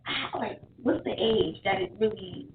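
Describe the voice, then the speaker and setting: A woman asking the coach a question on a podcast, hesitant and halting. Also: medium pitch, a little hiss or hum. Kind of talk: casual podcast chat. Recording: echoey room, tinny lo-fi sound from far.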